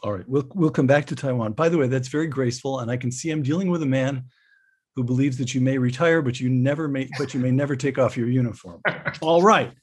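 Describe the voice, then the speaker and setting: A man hosting a sit-down interview, his voice a little husky. He introduces his guest and reads quotations in a measured, deliberate way. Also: medium pitch. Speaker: interviewer host.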